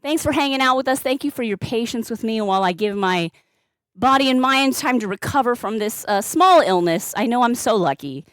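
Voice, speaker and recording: A streamer and balloon artist chats live, bubbly and playful, gushing thanks to her viewers and baby-talking her cat. Her voice is fairly high, animated and brisk, with no echo.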